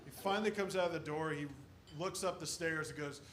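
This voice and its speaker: A stand-up comedian man from the American Midwest, telling animated stories about his family on a club stage. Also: a little high, a little fast, very noisy. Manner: animated storytelling, shouting impressions of his dad.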